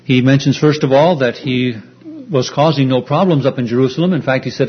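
A man preaching an earnest, explanatory sermon, pausing often with fillers as he retells a story. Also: mid-range voice, husky. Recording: dull lo-fi recording.

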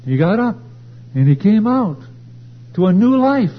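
A man preaching a sermon at a church service, swelling louder and higher as he drives his points home. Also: sing-song, unhurried. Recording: dull lo-fi recording with faint hum.

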